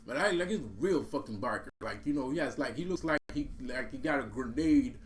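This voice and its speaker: A man's voice: mid-range voice, animated, fairly quick, slight background noise. A man telling a story in a casual, profane, streetwise way, laughing often and saying bro and man. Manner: repeats and restarts words. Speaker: vlogger.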